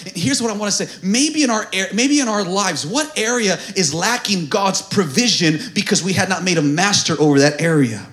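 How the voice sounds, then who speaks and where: A man pastor preaching a sermon, swinging from hushed asides to fervent shouting. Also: high-pitched, animated, a little fast, hardly any pauses.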